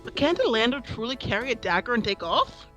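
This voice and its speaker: A woman's voice: a little high, very animated, a little fast, over music. A woman reading the lines of a curious investigator in a game, in her own voice. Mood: skeptical.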